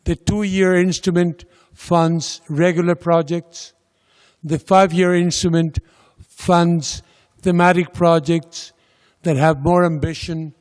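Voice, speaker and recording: A man giving a slide presentation about a funding agency's programs, speaking slowly and deliberately with pauses and fillers. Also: fairly high pitch, darkish tone. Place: lecture hall. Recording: lecture hall with long reverb.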